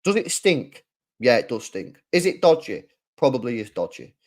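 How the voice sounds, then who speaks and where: A man's voice: medium pitch, very animated, normal speed, darkish tone. A man hosting a football channel, delivering a heated, sweary solo rant full of rhetorical questions.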